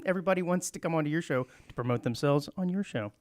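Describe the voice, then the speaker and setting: A man chatting as a guest on a radio show, with wry jokes and quick explanations. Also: fairly high pitch, no echo, clean studio sound. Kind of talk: casual radio chat.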